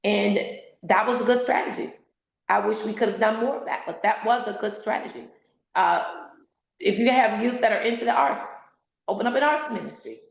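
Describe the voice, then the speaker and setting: Emphatic preacherly woman, gravelly. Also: mid-range voice, brisk, reverberant, poor audio. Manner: emphatic, sermon-like exhortation with church phrases. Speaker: author and speaker, guest. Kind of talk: candid interview, preacherly.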